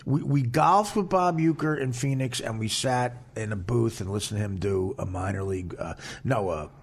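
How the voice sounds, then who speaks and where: A man's voice: mid-range voice, normal speed, breathy edge. A man telling a story in casual, profane talk, with lots of laughing and swearing. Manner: profane, animated, laughing as he tells it. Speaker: podcast host telling a story.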